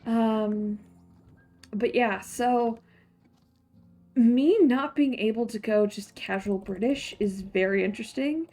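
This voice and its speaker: Slow-talking woman in a put-on Scottish accent. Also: a little high, mellow. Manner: giggly, chatty, muttering to herself while playing. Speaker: streamer playing a farming game. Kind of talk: casual gameplay chat.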